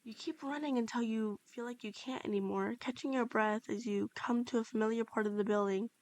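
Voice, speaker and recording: A woman's voice: fairly high pitch, fairly even intonation, a little fast, a little mellow. A woman narrating a second-person fan-fiction story, reading steadily with small slips and restarts. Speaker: fanfiction reader.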